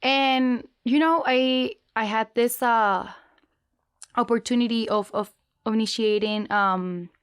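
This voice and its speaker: Animated young woman, fairly high voice. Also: slow, clean tone, dry recording, clean studio sound. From Mexico. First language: Spanish. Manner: animated storyteller, frequent restarts. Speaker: guest. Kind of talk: casual interview chat.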